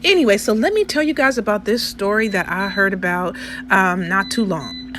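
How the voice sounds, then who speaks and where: A woman's voice: mid-range voice, moderate pace, background noise. A woman vlogger doing a casual storytelling voiceover, chatty and often checking in with her listeners. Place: indoors, recorded separately from the restaurant footage.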